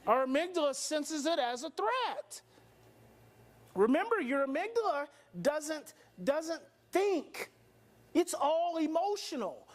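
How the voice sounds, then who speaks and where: A man giving an animated workshop lecture to an audience. He acts out scenes and fires off rhetorical questions. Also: very high voice, unhurried. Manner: dramatic, acts out parents and brains, rhetorical questions. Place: workshop hall before an audience.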